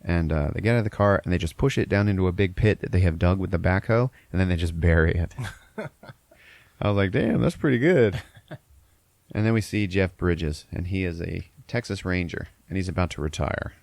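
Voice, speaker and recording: A man's voice: low voice, fairly quick, darkish tone, no room sound. A man hosting a podcast, casually retelling a movie plot in a rambling, profane way with lots of filler. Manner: rambling, profane, laughing storyteller. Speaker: podcast host.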